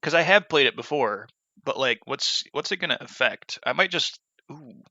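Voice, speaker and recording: A man's voice: medium pitch, animated, moderate pace, pushed and bright, dry recording. A man casually commenting on a game as he plays, rambling with fillers and false starts, on a dull lo-fi mic. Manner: rambling, many fillers and restarts. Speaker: let's play gamer.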